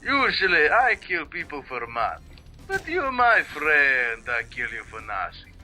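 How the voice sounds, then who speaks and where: A man's voice: on the high side, huge pitch swings, measured pace, sharp tone, faint music behind, heavily acted. A man with a Russian accent voicing a stereotyped Russian tough guy who makes blunt threats in broken English. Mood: threatening.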